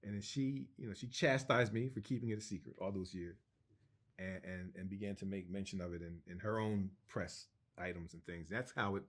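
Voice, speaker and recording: A middle-aged man tells a long personal anecdote as an interview guest. He talks in an animated way, restarting sentences and acting out the people in his story. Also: low voice, fairly quick. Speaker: cartoonist guest.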